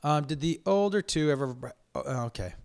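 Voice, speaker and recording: A man's voice: fairly high pitch, expressive, normal speed, gravelly, a little mellow, clear, resonant tone, no echo, studio quality. A middle-aged man from Massachusetts hosting a comedy podcast, rambling with profanity, repeating phrases for emphasis and drawing out his vowels. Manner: holds on to vowels. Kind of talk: casual podcast chat, reading listener questions.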